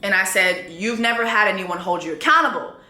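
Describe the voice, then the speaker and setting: A woman's voice: mid-range voice, fairly quick, bright, forceful tone, roomy sound. A woman, telling a dating story in a vlog in a blunt, sassy way and reading texts aloud.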